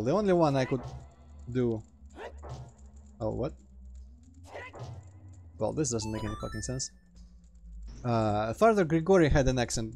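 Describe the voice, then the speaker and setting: A man with a Russian accent chats loosely while he plays, his voice sitting at an ordinary middle pitch. He trails off mid-sentence and breaks into sudden exclamations at the game, over a faint bed of music. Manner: rambling, self-interrupting, reacts loudly to the game. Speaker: let's play host. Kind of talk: casual gameplay commentary.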